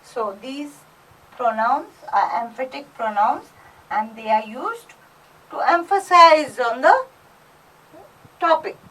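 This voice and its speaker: Slow, high-voiced woman teaching French. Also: animated, bright, forceful tone, far from the mic, poor audio. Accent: Goan. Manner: slow, explaining step by step, repeating phrases. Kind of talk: classroom lesson.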